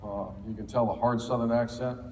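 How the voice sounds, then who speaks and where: Telling folksy stories at a football clinic, this middle-aged Ohio coach speaks a little fast in a mellow, medium-pitched voice with fairly even intonation, often using fillers and starting over. He's recorded from a distance in an echoey hall, with faint ambience and a slight hiss or hum.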